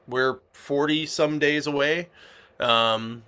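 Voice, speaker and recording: A man's voice: fairly high pitch, takes it slowly, bright, forceful tone, smooth. A man hosting a casual comic shop podcast, rambling with lots of fillers and restarts. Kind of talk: casual chat.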